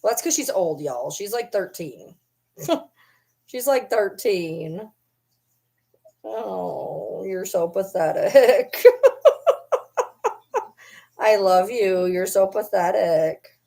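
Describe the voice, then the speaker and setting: A woman's voice: mid-range voice, slow, creaky, dark tone. Woman teasing her dog on camera. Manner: teasing, doting baby talk to her dog. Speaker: vlogger. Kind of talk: casual chat to camera.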